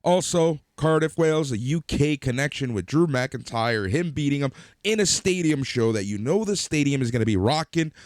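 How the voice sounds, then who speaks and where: A man's voice: fairly high pitch, lively intonation, normal speed, no echo, studio quality. A man co-hosting a podcast, recapping wrestling matches in detail and chatting casually. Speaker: podcast co-host.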